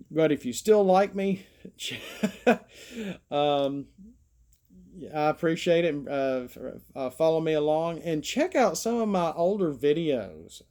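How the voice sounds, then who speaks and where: Folksy Alabama man, vlogger, meandering self-deprecating monologue, a touch high-pitched. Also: warm tone. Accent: Alabama Southern. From Southern US. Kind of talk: rambling casual monologue.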